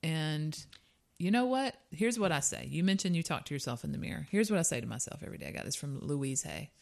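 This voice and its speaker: A woman's voice: sits low, animated, fast talker, vocal fry, darkish tone. A young adult woman co-hosting a podcast, chatting candidly with frequent laughs and casual swearing. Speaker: podcast co-host. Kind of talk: casual chat.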